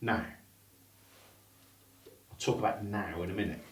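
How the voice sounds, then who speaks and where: A man training students in hypnosis, talking bluntly with plenty of swearing and dropping into slow hypnotic suggestions to demonstrate. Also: fairly low pitch. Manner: blunt and heavily profane. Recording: roomy room, distant mic, faint noise.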